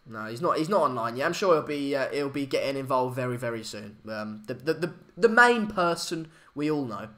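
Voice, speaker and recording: A man's voice: mid-range voice, animated, a little fast, hardly any pauses, bright, forceful tone. A young man, hosting a casual live stream chat, hesitant with many fillers and restarts. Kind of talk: casual live match chat, reading comments.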